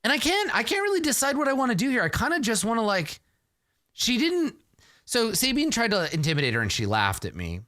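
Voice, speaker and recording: Animated man playing a solo tabletop game. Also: extremely high pitch, a little fast, no room sound, clean studio sound. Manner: animated, self-deprecating, thinks aloud.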